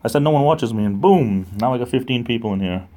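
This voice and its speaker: A man's voice: mid-range voice, expressive, fast, dark tone. A man hosting a casual livestream, rambling, ranting and reading the chat aloud. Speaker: livestream host. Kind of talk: casual live-stream chat.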